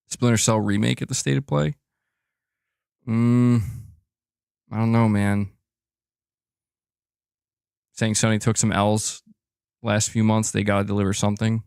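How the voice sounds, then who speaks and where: A man's voice: on the low side, flat delivery, slow pace, vocal fry, long pauses, a little mellow, smooth, dry recording, studio quality. A young man hosting a casual gaming livestream, bantering playfully with his cat and reading viewer chats aloud. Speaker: gaming news streamer.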